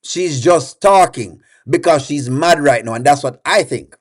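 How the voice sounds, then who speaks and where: A man's voice: fairly high pitch, lively intonation, measured pace. A man hosting a live-stream reaction show, chatting and putting questions to his viewers while reading their comments aloud.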